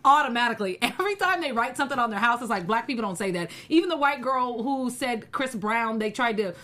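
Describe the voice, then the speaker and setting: A woman's voice: on the high side, animated, quick pace, pushed and bright. A woman co-hosting a casual opinion show, speaking earnestly and with emphasis. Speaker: podcast co-host.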